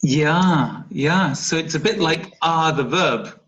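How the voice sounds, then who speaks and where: A man's voice: on the high side, takes it slowly, a bit bright. A man teaching an online phonetics lesson, speaking patiently and often checking understanding with a questioning "yeah?". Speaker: English teacher. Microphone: video call. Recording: dull lo-fi video call audio.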